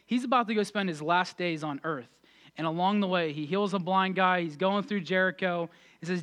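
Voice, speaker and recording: High-voiced, fervent male pastor. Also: moderate pace, clean tone. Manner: energetic, emphatic, rising to fervent peaks. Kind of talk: sermon.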